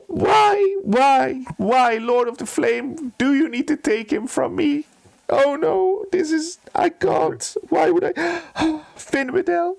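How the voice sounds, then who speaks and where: A man's voice: medium pitch, no echo, natural voice. A man voicing a pompous male court steward, theatrical and overwrought, who dotes on his pet bird. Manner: theatrical, swings from gushing to sobbing to sneering.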